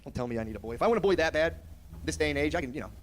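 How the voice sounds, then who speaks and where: Brash, crude stand-up man, fast-talking. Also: fairly high pitch, animated, a little hiss or hum. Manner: brash, crude, casual, slipping into mocking voices. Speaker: stand-up comedian. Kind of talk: stand-up comedy set.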